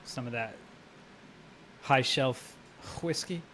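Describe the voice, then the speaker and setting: A man's voice: medium pitch, takes it slowly, a bit bright, a little hiss or hum. Laid-back swearing homebrewer man. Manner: rambling, profane, laughs while telling stories. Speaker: homebrewer streaming live. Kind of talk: casual live-stream chat.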